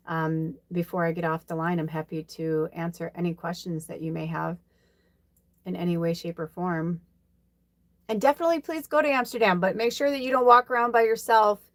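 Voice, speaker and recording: A woman's voice: lowish voice, no echo. A middle-aged woman from Chicago hosting a live card reading, talking in a rambling, chatty way with many fillers and laughs. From South Side Chicago, USA. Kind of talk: casual live-stream chat.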